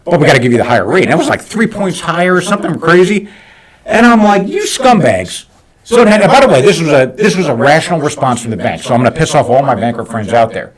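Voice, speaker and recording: A business owner hosting a podcast, telling a heated story in a casual, animated way, swearing often. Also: male voice, on the high side, rapid-fire, hardly any pauses.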